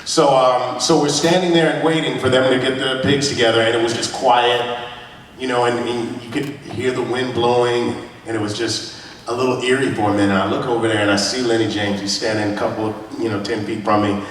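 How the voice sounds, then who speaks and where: A man's voice: mid-range voice, little pitch movement, a little fast, recorded from a distance, slight background noise. A man on a convention panel, telling stories casually and playfully to the audience and laughing often. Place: large convention hall. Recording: echoey hall, mic heard from afar.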